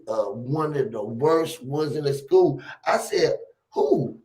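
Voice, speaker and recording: A man hosting a casual conversation, telling animated, profane stories and acting out the quotes loudly. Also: a little high, measured pace.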